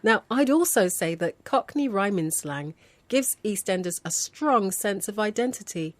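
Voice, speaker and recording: A London-born woman presents a language lesson in a clear, measured manner. Her voice sits at a middle pitch and sounds dry and close, with no room around it. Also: animated, dry recording. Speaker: host. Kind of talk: scripted educational presenting.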